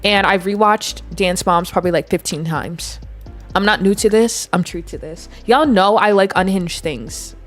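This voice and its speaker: A woman's voice: mid-range voice, moderate pace, soft background music. A woman in her twenties giving chatty, giggly live commentary as she plays a game and talks to her viewers. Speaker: game streamer. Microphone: desk mic.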